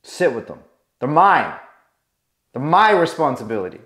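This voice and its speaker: A man's voice: fairly high pitch, very animated, moderate pace, a bit bright, echoey room. A man coaching to camera in an emphatic way, repeating himself and asking rhetorical questions. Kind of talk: motivational lesson to camera.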